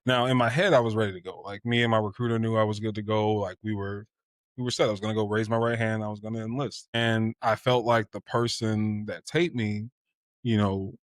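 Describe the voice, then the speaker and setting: A man's voice: lowish voice, flat delivery, fairly quick, no echo, studio quality. A man in his twenties telling a personal story candidly on a podcast, full of "you know" fillers. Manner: candid and reflective, with filler phrases. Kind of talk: casual storytelling.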